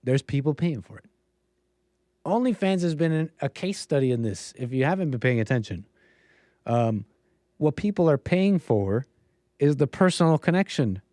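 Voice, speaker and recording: A man's voice: fairly high pitch, animated, moderate pace, long pauses, warm tone, no echo, studio quality. A man hosting a livestream show, talking in a casual, rambling monologue with many restarts and mocking put-on quotes.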